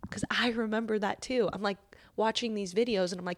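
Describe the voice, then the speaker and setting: A young woman giving a casual motivational talk, full of "like," that turns into a gentle guided breathing exercise. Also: mid-range voice, fairly even intonation, a little fast. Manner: chatty, says "like" often, drops to soft near-whisper in guided parts. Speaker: host.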